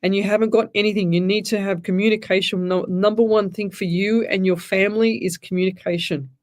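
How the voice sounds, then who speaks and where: A woman's voice: medium pitch, fairly even intonation, fairly quick. A woman hosting a live psychic radio show, chatty and emphatic, rambling with restarts, recorded on a studio microphone. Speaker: psychic medium radio host. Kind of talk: live radio call-in readings.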